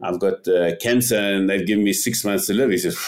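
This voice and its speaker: Speaking a little fast in a deep voice, an older ocean paddler guesting on a podcast tells animated stories in a loose interview format. He tends to repeat himself and performs other people's lines as he goes.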